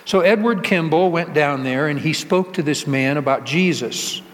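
Recorded in a church sanctuary with the long reverb of a big hall, a male pastor with a slightly high voice talks at normal speed. His sermon is conversational, full of rhetorical questions for the congregation and jokes with them.

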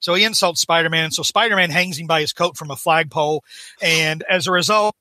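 A man guesting on a podcast, recapping a comic in a casual, halting way full of "uh" and "um". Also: fairly high pitch, pushed and bright, no room sound.

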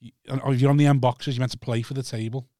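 A man telling a rambling, animated anecdote in casual podcast chat. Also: mid-range voice, fast, dry recording, studio quality.

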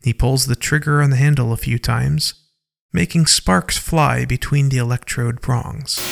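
A man giving slow, deliberate scripted narration for an audio drama. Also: medium pitch, gravelly, a little hiss or hum.

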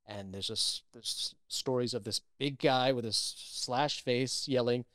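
A man's voice: medium pitch, measured pace, no echo, studio quality. Chatty man retelling a story. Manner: animated storytelling with many restarts. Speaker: actor, guest. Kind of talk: casual interview chat.

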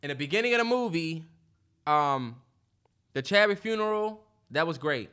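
A man's voice: a little high, lively intonation, moderate pace, sharp tone, clean tone. A man co-hosting a podcast in casual chat, talking animatedly and emphatically with lots of slang and filler ums. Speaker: podcast co-host.

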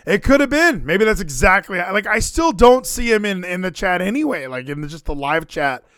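Male co-host, high and very expressive, excitable, dry booth sound. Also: moderate pace, no echo. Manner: animated, excitable, rising to near-yells. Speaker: podcast co-host. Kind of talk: casual streamed chat.

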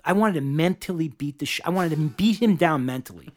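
A middle-aged man tells a long story in loose podcast chat, with a voice pitched a little above the usual. He swears freely, restarts his sentences and keeps tagging on "man". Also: brisk. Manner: animated, profane, lots of restarts and "man". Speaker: podcast host telling a bartending story.

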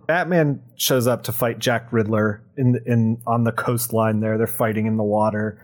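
A man's voice: on the low side, normal speed, hardly any pauses. Laughing, sarcastic young man. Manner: animated, sarcastic, laughs often. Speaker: podcast co-host. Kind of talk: casual comic book recap.

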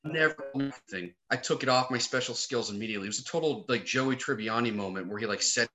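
Animated man telling a story, bright voice. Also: mid-range voice, quick pace, soft background music. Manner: animated storyteller, swears casually. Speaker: actor and comedian guest. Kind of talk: casual conversation.

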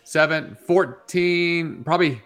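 A man co-hosting a morning radio show, telling a story in casual chat, with an animated storytelling manner. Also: slow, faint music behind. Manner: animated storyteller, jumps into high voices when quoting a woman.

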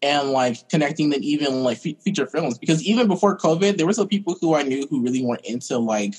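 Lively husky young man guest. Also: fairly high pitch, quick pace, rough recording. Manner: expressive, agreeable, playful. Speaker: guest actor. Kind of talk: casual chat.

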